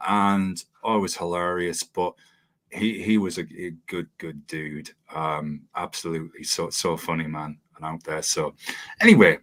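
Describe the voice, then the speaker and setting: A man hosting an interview, chatty and quick to laugh as he tells stories. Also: low-pitched, flat delivery, a bit bright. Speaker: podcast host. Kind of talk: casual interview chat.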